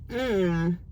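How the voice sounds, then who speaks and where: A young woman vlogging casually to camera from her car, speaking candidly and emotionally with animated swings in pitch. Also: a little hiss or hum. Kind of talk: casual chit-chat to camera.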